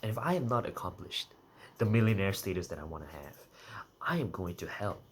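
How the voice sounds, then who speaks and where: A young man with a deep, low-pitched voice talks straight to the camera in a loose, rambling monologue. He keeps restarting and correcting himself, half-joking as he goes. A faint hum of ambience sits behind him. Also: lively intonation, a little fast. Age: young adult. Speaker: vlogger.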